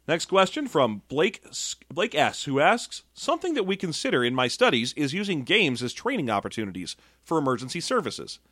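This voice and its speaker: A young man co-hosting a tabletop gaming podcast, chatting casually with animated, jokey asides. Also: on the high side, brisk, few pauses, no echo, clean studio sound. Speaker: podcast co-host. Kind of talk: casual chat.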